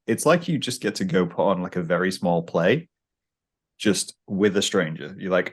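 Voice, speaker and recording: A man's voice: sits low, animated, moderate pace, slightly rough. A man with a light British accent, hosting a podcast and chatting casually, often restarting his sentences and laughing as he talks. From United Kingdom. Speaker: podcast host. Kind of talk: casual chat. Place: New York.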